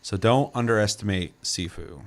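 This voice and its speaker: Rambling young man with a low voice. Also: normal speed. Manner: loose, rambling, swears casually. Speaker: co-host. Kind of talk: casual podcast chat.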